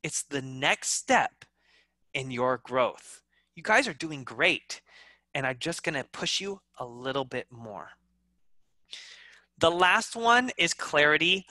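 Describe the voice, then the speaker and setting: Lively, bright-voiced English teacher. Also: measured pace, long pauses, no room sound. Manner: animated, demonstrates expressively with pitch and loudness. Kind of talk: online class instruction.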